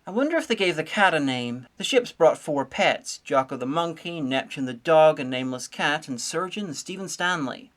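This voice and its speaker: A woman giving a sarcastic, nitpicking comedic review, full of deadpan asides. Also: low voice, normal speed, hardly any pauses. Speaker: video reviewer.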